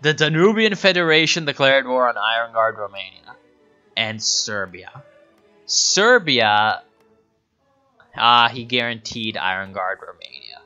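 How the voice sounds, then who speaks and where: A man's voice: medium pitch, animated, measured pace, pushed and bright, highs cut off, soft background music. A young man whose first language is Italian, chatting casually and joking while he streams a strategy game and reads out messages from his chat. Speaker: gaming streamer. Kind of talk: casual live game commentary.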